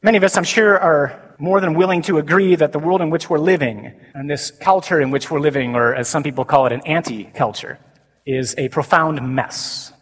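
A man, a Catholic priest preaching a sermon to a men's conference, animated, swinging from loud emphasis to slow, quiet declarations. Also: on the high side, breathy edge. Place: large conference hall. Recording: reverberant conference hall.

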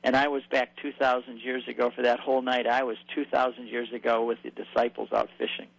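A man telling stories in a conversation, animated and acting out the voices of people he quotes. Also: medium pitch, brisk, gravelly, rough recording. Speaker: guest speaker on faith and Bible lands. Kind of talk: storytelling in a conversation.

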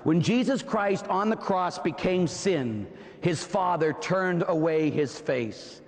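A male preacher delivers a fervent sermon in a high voice, often rising to a shout. He speaks slowly with dramatic pauses, and his voice has a gravelly edge. Long reverb trails every phrase. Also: expressive. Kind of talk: impassioned sermon.

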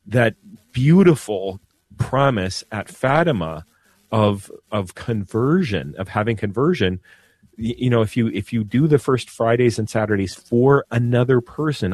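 A man, a priest, speaking earnestly on the radio about devotion, slow and measured, often repeating a word as he searches for it. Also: on the low side, darkish tone, no room sound. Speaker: priest guest. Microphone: studio mic.

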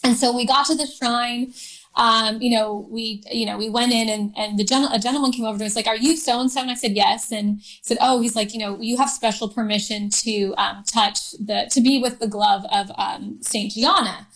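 Soft-spoken woman telling a halting story. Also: fairly high pitch, fairly even intonation, poor audio. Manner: halting, many fillers and restarts. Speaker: interview guest. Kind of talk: emotional personal story.

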